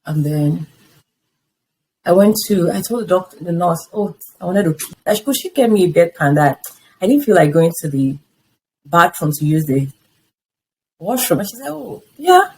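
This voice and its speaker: This poor-quality clip features a woman in her fifties whose voice sits on the low side, moving at a moderate pace with frequent pauses. Appearing as an interview guest, she tells her own story with lively energy, performing the past conversations she describes.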